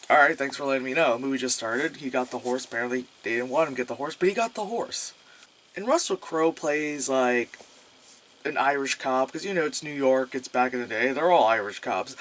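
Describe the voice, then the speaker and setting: A man talks through a movie in a loose, rambling way, sprinkling in filler words and dry sarcasm. His voice sits at an ordinary middle pitch. He swears freely as he goes. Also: fairly bright tone. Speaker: movie reviewer. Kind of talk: casual movie review.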